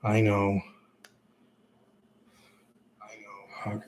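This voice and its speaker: Man, solo livestream chat, rambling, loose and repetitive, mid-pitched voice. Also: expressive, normal speed, a little hiss or hum. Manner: rambling, repeats and restarts phrases.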